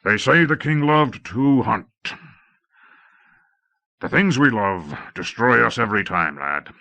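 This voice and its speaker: A man voicing a gruff old lord commander who growls out commands, on a dull old tape. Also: medium pitch, animated, slow, sharp tone, pitched above the performer's own voice, full character voice. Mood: grave.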